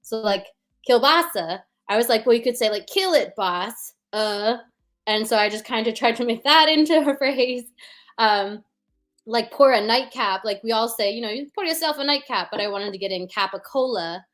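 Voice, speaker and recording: On the high side and a little bright, this woman's voice moves at normal speed. In casual guest chat, she performs puns and describes how she writes them, filling her talk with fillers and rhythm sounds.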